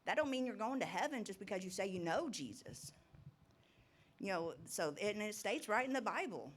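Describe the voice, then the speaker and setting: A woman's voice: mid-range voice, very animated, moderate pace. A middle-aged woman giving an informal, rambling testimony talk at a recovery ministry, nervous and laughing often.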